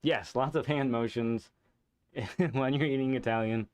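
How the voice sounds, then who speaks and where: A man hosting a live racing game stream, chatting casually with viewers in a relaxed, rambling way, with fillers and chuckles. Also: medium pitch, a little slow, clear, resonant tone, no echo.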